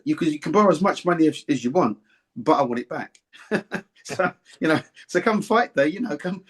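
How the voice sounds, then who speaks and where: An older man, a former boxer, telling rambling, warm-hearted anecdotes in an interview and often repeating himself. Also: on the high side. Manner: rambling, anecdotal, repeats words and "do you see what I mean". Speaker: former boxer and boxing pundit. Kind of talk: reminiscing interview chat.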